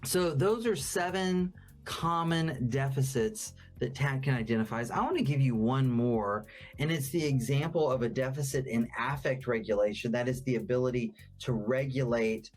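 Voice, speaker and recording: A man's voice: medium pitch, moderate pace, soft background music. A man teaching as a therapist in a conversational, explanatory way, acting out quoted examples now and then. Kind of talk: educational talk.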